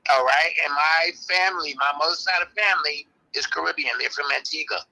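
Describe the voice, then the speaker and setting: Older new guy in an interview, really bright voice, slightly high, steady and insistent. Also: vocal fry, rough recording. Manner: firm, measured, explaining insistently. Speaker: interview guest, early hip-hop practitioner. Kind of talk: live online interview.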